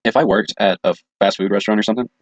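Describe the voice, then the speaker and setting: A man's voice: fairly low pitch, fairly even intonation, very fast, no room sound. A man co-hosting a casual comedy podcast, telling crude jokes and laughing often. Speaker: podcast co-host. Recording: dull lo-fi sound.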